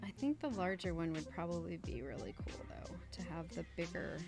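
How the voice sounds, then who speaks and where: A woman's voice: on the low side, expressive, brisk, vocal fry, music in the background. A woman hosting a livestream, chatting casually and easily amused while crafting and reading viewer comments. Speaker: livestream host doing crafts.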